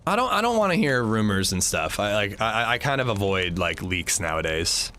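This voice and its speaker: A man's voice: fairly low pitch, big pitch swings, normal speed, pushed and bright, a little hiss or hum. A man streaming a video game, chatting casually with friends in a rambling, restarting way and swearing often. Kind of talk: casual chat while gaming.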